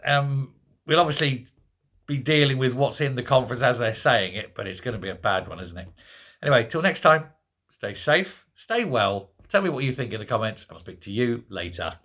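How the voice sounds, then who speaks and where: A man's voice: medium pitch, lively intonation, moderate pace, a bit bright. A middle-aged man hosting a solo political commentary, ranting in a sarcastic, mocking way. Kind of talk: solo political rant to camera.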